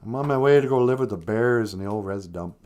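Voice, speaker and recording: A man's voice: lowish voice, expressive, fast, a little mellow, lightly acted. A man voicing a naive little male plush cat who asks earnest, innocent questions.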